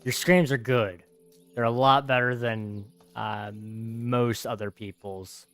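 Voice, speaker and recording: Soft music plays behind a young man livestreaming a game, his medium-pitched voice slow, fairly bright and fairly even. Worn out and yawning, he chats casually and rambles, reading viewers' comments aloud and replying.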